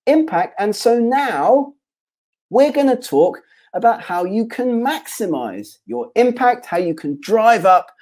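A man presents a webinar to researchers over a desk mic, with a mellow, warm tone. He builds his points in repeated runs of phrases, restating each idea a few ways. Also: extremely high pitch, lively intonation, slow pace.

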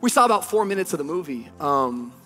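A man's voice: fairly high pitch, sing-song, quick pace, fairly bright tone, faint music behind. A man in his thirties, a pastor delivering a sermon, telling a story with animation and building to emphatic preaching.

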